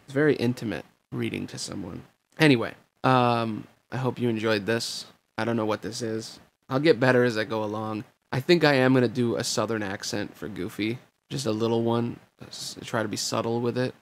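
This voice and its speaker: A man with a gravelly, middle-pitched voice talks casually after finishing a chapter of his reading podcast. He rambles from thought to thought and pokes fun at himself as he goes. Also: fairly quick. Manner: self-deprecating, musing, thinks out loud. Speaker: podcast host reading a novel aloud.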